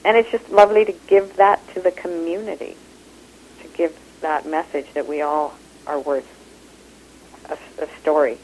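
A woman with a Canadian accent talks in an interview, animated and expressive. Her voice sits low. The sound is thin, like a phone line. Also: a little hiss or hum. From Kenya. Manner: animated, expressive, laughs easily. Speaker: actor and improv teacher. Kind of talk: interview conversation.

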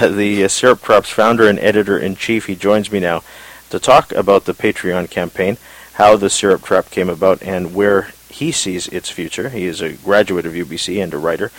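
Low-voiced hesitant male radio host. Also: poor audio. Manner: hesitant, halting with many fillers and restarts. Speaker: radio talk show host. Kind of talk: radio interview.

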